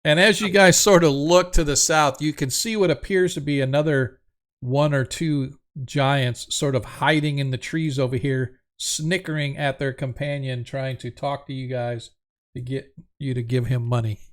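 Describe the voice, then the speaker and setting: A man running a tabletop game as game master, narrating the scene at an unhurried pace. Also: mid-range voice, fairly even intonation.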